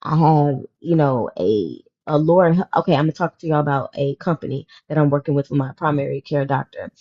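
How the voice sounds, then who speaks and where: A woman's voice: low-pitched, fairly quick, muffled recording. A woman in her thirties hosting a podcast panel, talking in an emotional, emphatic way and repeating her points. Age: 30s. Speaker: podcast host. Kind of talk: casual panel chat.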